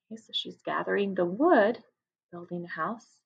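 A woman teacher reading a picture book aloud to her class, expressive and stopping to ask questions. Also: lowish voice, moderate pace, vocal fry, slightly rough, highs cut off. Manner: expressive, asks listeners questions.

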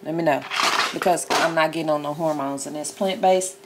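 A woman's voice: deep voice, steady tone, brisk, very noisy. A woman with a Southern country accent chatting bluntly and jokingly in a casual vlog from a parked car, eating while she talks. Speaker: vlogger.

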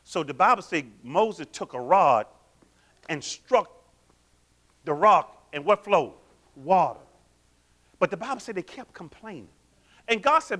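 Man, pastor, sermon, bright forceful tone, call-and-response questions. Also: high voice, normal speed. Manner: animated, quizzes the congregation with call-and-response questions.

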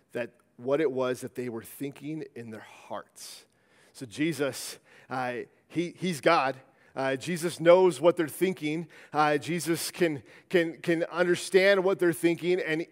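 A man preaching a sermon in a church sanctuary, in a conversational style that often restarts and repeats words. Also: medium pitch. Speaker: pastor. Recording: long church-hall reverb.

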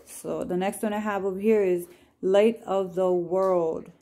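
Slow, mellow lady reading bible verses and prayers at home, gentle and apologetic. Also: medium pitch, steady tone. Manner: gentle, apologetic, laughs at herself. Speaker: Christian vlogger sharing scripture cards. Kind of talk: casual devotional chat with read-aloud scripture and prayers.

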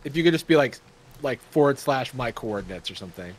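A man streaming a game in casual chat with friends, excitable and quick to exclaim. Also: medium pitch, slight background noise.

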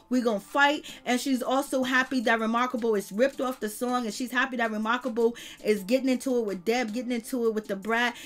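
A woman's voice: fairly high pitch, a bit bright. A woman giving a casual recap of a reality show episode, blunt and slangy, swearing freely.

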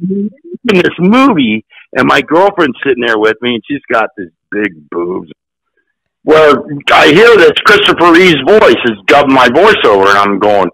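Older man, sixties, gravelly, bright, profane storyteller, animated. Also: a little high, brisk, no echo, poor audio. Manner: profane, animated, acts out quotes. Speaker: actor guest. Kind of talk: casual storytelling.

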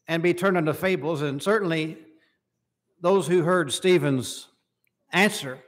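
A man's voice: a little high, unhurried, long pauses. A man preaching a sermon in a church service, reading scripture passages aloud and asking the congregation questions. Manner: reads scripture aloud in King James wording, asks the hearers questions.

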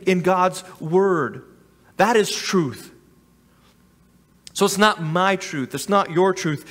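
A man's voice: a little high, a bit bright, in a large hall. A man preaching as a pastor in a church sanctuary, earnest and often repeating or restarting his words. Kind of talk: sermon.

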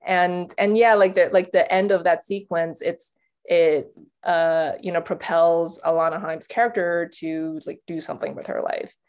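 A young woman with a fairly low voice talks awards predictions in a loose, casual panel chat. She fills her sentences with "like" and restarts. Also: fairly even intonation, normal speed, a little mellow. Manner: chatty, lots of "like" and restarts, laughs easily. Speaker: awards pundit.

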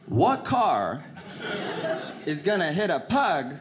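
A man doing a stand-up comedy set, telling animated stories and putting on voices for the people he quotes. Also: a little high, slow. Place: theater stage before a laughing audience. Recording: loud audience noise.

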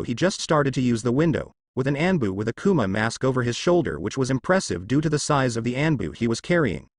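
A man narrating fan fiction in an expressive, lightly humorous storybook reading. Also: mid-range voice, dry recording, studio quality.

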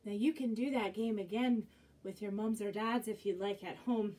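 A woman's voice: medium pitch, steady tone, normal speed, warm tone. A woman librarian leading young children through animal games and action rhymes in a cheerful sing-song manner. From Canada. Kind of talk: children's music and movement class. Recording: distant from the mic.

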